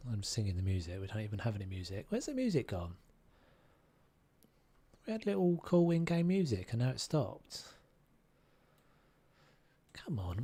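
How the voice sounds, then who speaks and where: A man's voice: lowish voice, very animated, moderate pace, long pauses, warm tone, breathy edge. A man casually chatting and musing aloud while live-streaming a game, now and then humming tunes.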